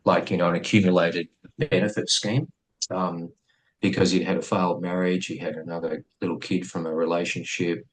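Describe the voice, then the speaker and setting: A middle-aged man with an Australian accent, telling a story as a podcast guest in a blunt, profane and lively way. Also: low-pitched, brisk, a little hiss or hum, low-quality recording. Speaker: guest, former police officer.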